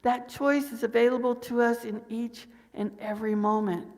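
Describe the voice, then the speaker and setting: Middle-aged woman minister, fairly high voice, chatty sermon full of questions, long church reverb. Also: fairly even intonation, normal speed. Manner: warm conversational preaching with rhetorical questions. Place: church sanctuary.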